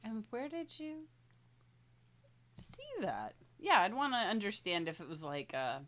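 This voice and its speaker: A woman co-hosting a casual podcast, expressive and quick to swear and exclaim in surprise. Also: mid-range voice. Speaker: podcast co-host. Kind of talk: casual chat.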